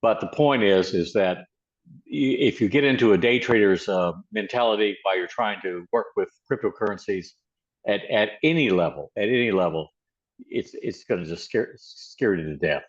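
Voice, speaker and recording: An American man in casual chat, talking haltingly with many repeated words. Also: fairly low pitch, lo-fi sound. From United States.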